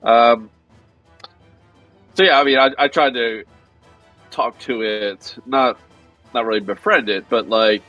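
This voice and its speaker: A man's voice: medium pitch, lively intonation, slow, creaky, pauses often, fairly bright tone, dry recording, highs cut off, faint music behind. A man playing a tabletop game, joking and rambling with restarts. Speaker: player. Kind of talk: casual game talk over voice chat.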